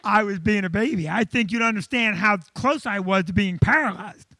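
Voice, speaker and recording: A male comedian hosts a live show, telling a story with animated energy. His voice sits unusually high and bright for a man. The sound is close and dry. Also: normal speed, gravelly, dry recording. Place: comedy club.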